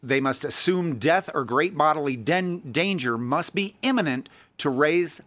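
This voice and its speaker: A man's voice: on the high side, animated, measured pace, a bit bright, no room sound. A man hosting a talk radio show, opinionated and sarcastic, reading out listener texts.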